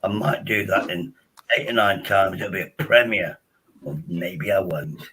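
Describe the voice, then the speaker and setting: A man's voice: sits low, measured pace, noisy background. A man hosting his own livestream, chatting in a rambling way with bawdy jokes. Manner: rambling, restarts a lot, bawdy humour. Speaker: livestream host. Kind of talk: casual livestream chat.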